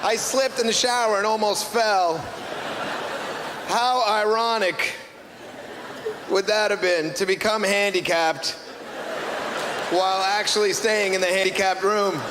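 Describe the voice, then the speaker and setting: A man's voice: high voice, fairly even intonation, unhurried, long pauses. A man performing a stand-up comedy routine on stage, telling stories with wry exasperation. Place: stage in a club or hall. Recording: reverberant hall, noisy ambience.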